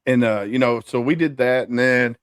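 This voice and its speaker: A man's voice: medium pitch, normal speed, clear, resonant tone, dry recording. A man, telling his story as a podcast guest in an easygoing way. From Kentucky, US. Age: 40s. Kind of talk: casual interview.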